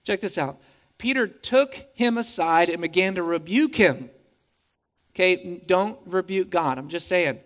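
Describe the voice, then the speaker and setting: A man with a notably high voice preaches to his congregation. He keeps it conversational and animated, tossing in wry jokes and stumbling over repeated words as he builds his point. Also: unhurried. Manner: lively, conversational preaching with humorous asides; emphatic, repeats words as he speaks. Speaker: pastor. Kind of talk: sermon.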